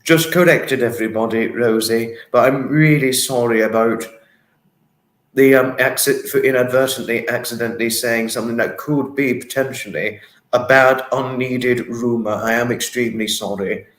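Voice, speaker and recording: A man's voice: medium pitch, fairly even intonation, normal speed, a bit bright. Effusive male livestream host in an echoey room. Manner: apologetic, effusively thankful, giggly. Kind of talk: casual livestream chat reading comments.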